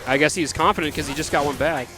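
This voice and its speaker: A man's voice: a little high, fast talker, over music. A man with an American accent giving analytical, casual color commentary at a fighting-game tournament. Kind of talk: live esports commentary.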